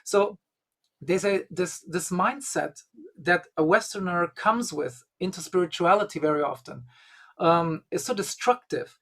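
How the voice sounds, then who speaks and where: A high-pitched man with a fairly bright tone, a guest who is a Gnostic bishop, rambles through a long anecdote in casual conversation. His storytelling leans heavily on "you know" and "um."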